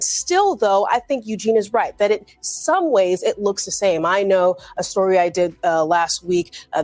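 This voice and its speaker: Measured woman political reporter, dry sound. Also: mid-range voice, dry recording. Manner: measured, fluent explaining. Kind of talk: broadcast political analysis.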